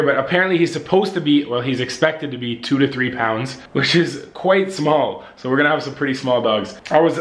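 A man's voice: medium pitch, fairly bright tone. A young man chatting in a casual vlog, hyped and slangy, swearing now and then. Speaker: vlogger.

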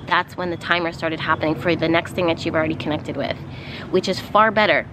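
A woman with a slightly low voice gives an unscripted spiritual card reading outdoors. She wanders through her thoughts with fillers and little laughs. Clear outdoor ambience and passing vehicles sit behind her voice. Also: fairly even intonation, a little fast, background noise. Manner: meandering, with frequent fillers and soft laughs. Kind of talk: casual channeled reading.

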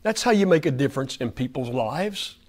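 A man's voice: mid-range voice, expressive, a little fast. Folksy Oklahoma preacher man. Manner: conversational, folksy, asks the room questions. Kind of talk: sermon. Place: church fellowship hall.

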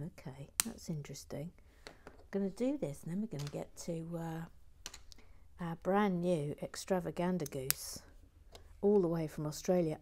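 A woman with a lowish, mellow voice hosts a casual LEGO building stream, chatting while she builds in a self-deprecating, exclamatory way. There's slight background noise.

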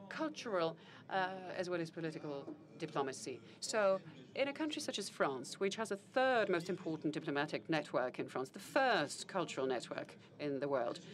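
Woman interpreting live, halting and formal. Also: fairly low pitch, animated. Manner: halting, with fillers and self-corrections. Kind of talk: simultaneous interpretation of a panel conversation.

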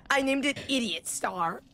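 A woman fellow player in a casual gaming chat, playful and giggly. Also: high-pitched.

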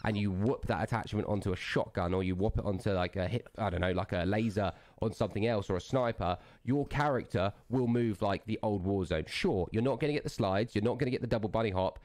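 A man's voice: fairly low pitch, fast talker, hardly any pauses, darkish tone. A man streaming a game, launching into an aggressive, profane rant that keeps jabbing with "yeah?". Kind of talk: angry livestream rant.

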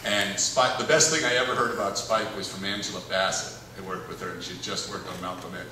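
A man's voice: low-pitched, quick pace, noisy background. A man, a film director, telling rambling anecdotes on stage with frequent chuckles, taped from the audience. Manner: rambling, chuckling, animated storyteller. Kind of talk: anecdotal Q&A storytelling. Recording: echoey hall, taped from far off in the audience. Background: audience laughter and room ambience.

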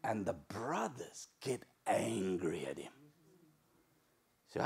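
A male pastor preaching a sermon in church, telling a story with lively, acted-out moments. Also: fairly low pitch, slow, vocal fry, long pauses, slightly rough. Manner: animated storytelling, acts out shouting crowds.

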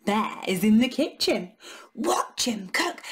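A woman storyteller reading to little ones, her high voice leaping up and down with every line. She takes her time, drawing out each word, and fills the story with gasps and sing-song counting. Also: big pitch swings, slow pace. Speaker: children's storyteller. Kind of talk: animated read-aloud for young children.

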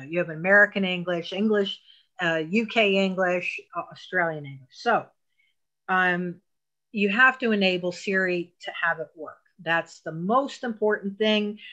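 A woman's voice: lowish voice, pushed and bright. A woman teaching an online technology class, walking learners patiently step by step through phone settings with emphatic asides.

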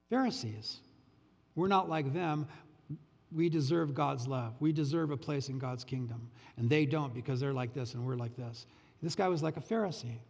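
A male pastor preaching a sermon in a folksy, animated way with casual asides. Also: a little high, normal speed, creaky, big-room sound.

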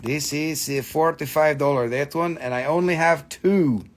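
Jokey guy selling crystals on a livestream, kinda high voice, swears a lot. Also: moderate pace. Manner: joking, swears casually, repeats himself. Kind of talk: casual live-stream sales chat.

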